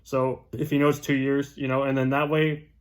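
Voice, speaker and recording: In a mid-range voice with little pitch variation and a moderate pace, a young real estate agent casually walks through door-knocking scripts. His delivery is chatty, and he keeps ending points with "right?"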